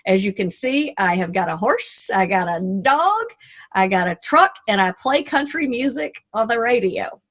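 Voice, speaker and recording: A middle-aged radio DJ from Arkansas, with a Southern US accent, gives a lively motivational talk over a video call. She's folksy and chatty, tossing in playful asides, with a medium-pitched voice at normal speed.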